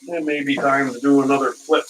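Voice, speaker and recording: A man's voice: medium pitch, flat delivery, fairly quick, slight background noise. A man hosting a casual live cooking stream, rambling through stories and chuckling at his own dad jokes, from a distant mic.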